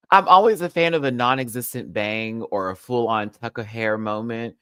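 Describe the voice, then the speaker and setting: A man hosting a casual live review, campy and sassy, laughing often and swinging his pitch wildly. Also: sharp tone, clean tone, dry recording. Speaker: show host, reality TV reviewer.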